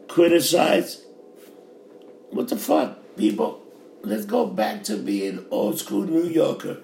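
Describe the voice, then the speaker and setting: A man's voice: mid-range voice, vocal fry, a little mellow. A middle-aged man with a New York accent, a bar worker, delivering a fiery, profane, repetitive rant. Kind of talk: ranting monologue. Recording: roomy with faint background noise.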